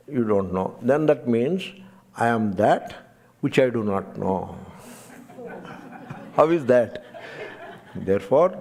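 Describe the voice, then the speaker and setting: A man's voice: mid-range voice, vocal fry, a little mellow. An older man with an Indian English accent, giving a satsang talk. He tells a story with emphasis and chuckles often as he goes. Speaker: swami teaching Vedanta.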